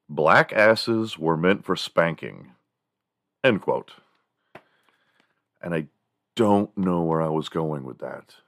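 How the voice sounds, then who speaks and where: A man's voice: very deep voice, no echo, studio quality. A man hosting a show, casually telling stories and mimicking sounds, chuckling as he goes. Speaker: podcast host. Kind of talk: casual storytelling monologue.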